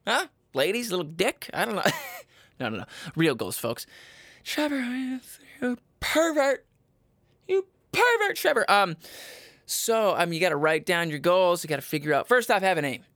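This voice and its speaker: A man rants mock-motivational life advice as a podcast host. He is crude and profane, and his fairly high voice leaps into squeaky jabs. The sound is close and dry. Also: expressive, a little fast, a bit bright, no room sound. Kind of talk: comedic advice monologue.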